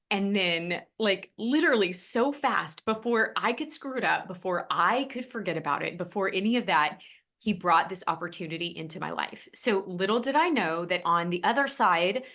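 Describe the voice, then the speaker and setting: A woman podcast host telling a heartfelt personal story in an earnest, emotional way, rushing ahead in quick bursts. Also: mid-range voice, bright, forceful tone.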